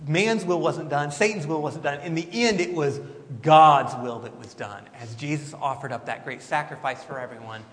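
A man's voice: fairly high pitch, a bit bright. A man teaching a Bible study class, reading scripture aloud and asking the group questions. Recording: reverberant hall with faint background noise.

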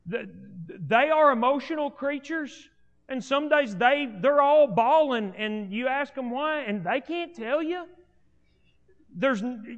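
A man preaching a sermon in an animated way, often repeating and restarting phrases for emphasis, as a preacher before a congregation. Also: extremely high pitch, slow pace, dull audio. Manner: animated, repetitive restarts, rising emphatic delivery. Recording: long hall reverb.

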